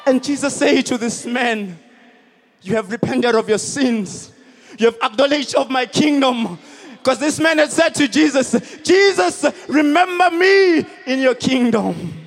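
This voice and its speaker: A man preaching a sermon as pastor at a stadium service, emphatic and repetitive, rising to shouted peaks. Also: very high voice, unhurried.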